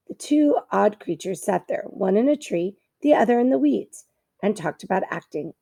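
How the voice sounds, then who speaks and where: A woman reading a children's novel aloud in a steady storytelling manner, with occasional small stumbles. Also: medium pitch, moderate pace, creaky, no room sound. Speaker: reader.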